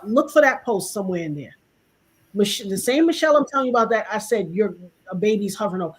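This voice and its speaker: A woman's voice: a little high, expressive, quick pace. A woman in casual talk-show chat, telling stories animatedly and acting out the quoted dialogue.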